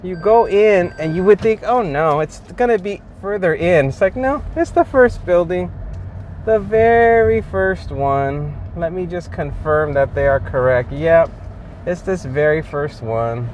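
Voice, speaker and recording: A man's voice: high-pitched, unhurried, darkish tone, highs cut off. A man talking casually to camera while out on delivery runs, chatty and full of fillers and chuckles, recorded inside a car. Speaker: delivery driver vlogger. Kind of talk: casual ride-along narration. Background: faint car and street noise.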